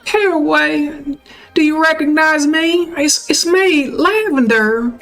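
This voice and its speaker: A man doing a pleading young country woman in falsetto. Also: slow pace, gravelly, sharp tone, faint music behind, exaggerated voice. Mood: anxious. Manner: breathless, pleading, high falsetto. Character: young woman, anxious, devoted to her sweetheart.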